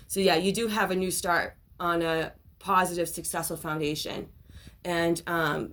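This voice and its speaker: Excitable woman doing a tarot reading. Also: lowish voice. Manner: rambling, excitable, many asides and apologies. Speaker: tarot reader. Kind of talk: casual spiritual reading to camera.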